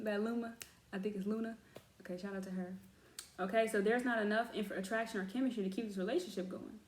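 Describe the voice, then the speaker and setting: Woman, casual oracle card reading, chatty, talks to viewers as y'all, echoey room, mid pitch. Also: fairly even intonation, brisk. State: has cramps. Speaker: tarot reader.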